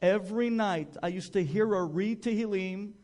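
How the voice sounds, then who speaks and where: A man voicing an elderly mother in a nursing home, talking gently and calmly. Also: high-pitched, normal speed, lightly acted. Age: older.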